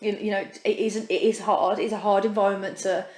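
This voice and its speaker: A British woman co-hosts a podcast and tells stories with animated energy, with casual swearing mixed in. The recording has a noticeably roomy echo. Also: medium pitch, a little fast. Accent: British English. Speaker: podcast co-host. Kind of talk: casual chat. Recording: echoey room.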